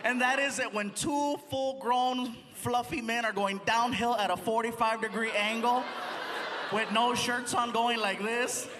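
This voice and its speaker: A man's voice: extremely high pitch, a little slow. A middle-aged man doing a stand-up routine, telling stories animatedly and acting out voices. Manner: animated storytelling, acts out voices. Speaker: stand-up comedian. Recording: live stage mic with audience noise.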